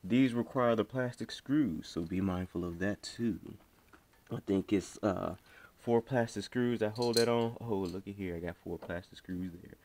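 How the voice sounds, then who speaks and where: A man's voice: lowish voice, normal speed, darkish tone, a little hiss or hum. A man casually talking through a hands-on repair tutorial, slangy and chatty, talking to himself as he works. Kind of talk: casual how-to narration while working.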